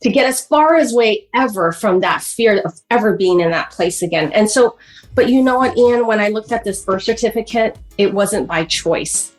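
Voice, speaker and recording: A woman's voice: mid-range voice, expressive, moderate pace, faint music behind, poor audio. A middle-aged woman, a guest author, telling a personal story in a podcast interview, earnest and emotional, often addressing the host by name. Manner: acts out quoted voices of parents.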